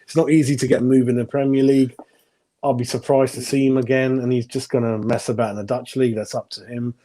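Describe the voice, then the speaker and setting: A man's voice: medium pitch, little pitch movement, fast talker, mellow. A man giving blunt, opinionated football ratings in a casual podcast chat, chuckling at his own jokes. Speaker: football pundit.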